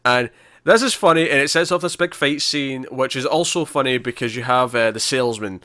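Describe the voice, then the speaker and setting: A man co-hosting a review podcast, recapping an episode in a lively, stumbling way with lots of restarts. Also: mid-range voice, fairly quick, no echo, studio quality. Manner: animated, stumbling retelling with many restarts. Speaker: podcast co-host. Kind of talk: casual review chat.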